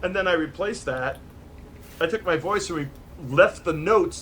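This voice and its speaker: An older man from New York talks over a video call from his home studio, his voice sitting a little high for a man. He tells his stories in an animated, rambling way and keeps restarting his sentences. A faint hiss of noise runs underneath. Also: brisk. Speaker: guest musician and producer. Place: home studio full of synth gear.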